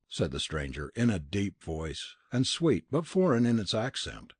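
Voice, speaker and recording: A man narrating a classic novel as an audiobook in a measured, expressive storytelling manner. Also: low-pitched, slightly rough, no room sound.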